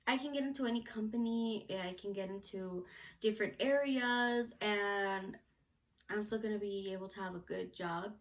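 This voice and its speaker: A young woman chatting casually to camera in a question-and-answer vlog, bubbly and full of "like" and "you know". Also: mid-range voice. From United States, Mexican parents. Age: young adult. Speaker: vlogger, student reporter.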